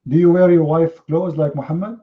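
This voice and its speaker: Male debate host, fairly high voice, combative and sarcastic, non-native English, slightly muffled stream audio. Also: fairly even intonation, a little fast. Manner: confrontational, mocking, rhetorical questions. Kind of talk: heated live online debate.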